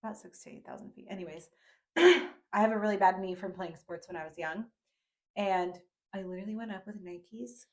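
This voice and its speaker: A woman's voice: mid-range voice, a little fast. A young woman hosting a podcast, chatting casually, swearing now and then and laughing easily as she shares her own story. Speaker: podcast host. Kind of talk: casual chat.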